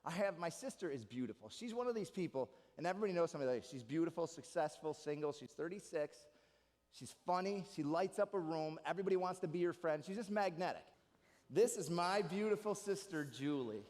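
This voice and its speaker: A man's voice: a little high, fairly quick. A young man performing stand-up comedy on a live stage, telling jokey stories with lots of asides. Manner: animated, jokey storytelling with asides. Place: live stage in a large hall. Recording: live hall with reverb.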